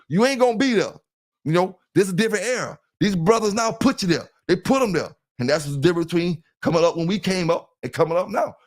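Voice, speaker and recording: A middle-aged man with a Southern US accent, hosting a casual livestream and talking loosely to his viewers. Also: sits high. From South Carolina. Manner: loose and talkative, keeps saying "you know what I'm saying", greets chat members. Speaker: livestream host.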